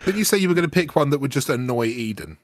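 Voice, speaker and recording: Player, male, lively pitch, teasing, dry sound. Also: fast talker, no room sound. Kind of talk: casual tabletop game chat.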